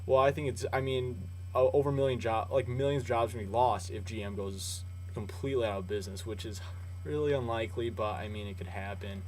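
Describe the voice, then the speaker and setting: A young man runs through the day's stories on his home vlog in a chatty, joking way. His voice sits mid-range and jumps between loud rants and low asides. A faint mains hum sits under the recording. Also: fairly even intonation, fairly quick, low-quality recording. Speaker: vlog news host. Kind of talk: casual news vlog.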